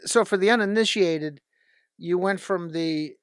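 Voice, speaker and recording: An older man asking probing questions in a casual interview. He stammers and repeats words when he rushes. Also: high-pitched, clean tone, dry recording, clean studio sound.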